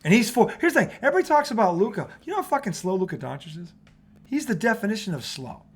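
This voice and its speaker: Animated high-voiced sports talk host. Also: male voice, fast, husky. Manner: animated storyteller, profane, acts out quotes. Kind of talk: casual sports debate.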